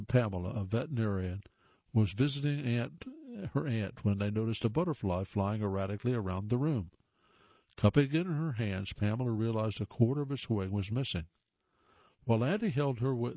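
A man reads short stories aloud and sometimes stumbles and restarts. His voice is mellow and relaxed. The recording is dry and close, with a slightly muffled tone. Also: fairly low pitch, no room sound. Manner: plain reading with occasional stumbles and restarts. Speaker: reader of listener stories.

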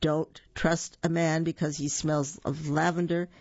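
A gruff, bushy-whiskered old sea captain from a storybook, growling and hearty, as a reader puts him on. The growl is gravelly and raspy, and the recording is dull, lo-fi and dry. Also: mid-range voice, little pitch movement, unhurried, no echo.

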